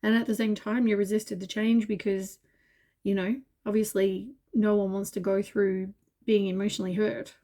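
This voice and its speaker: A woman's voice: medium pitch, little pitch movement, normal speed, warm tone. Tired, rambling woman reading tarot. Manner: meandering, full of fillers, reassuring. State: tired, yawning. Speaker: tarot reader.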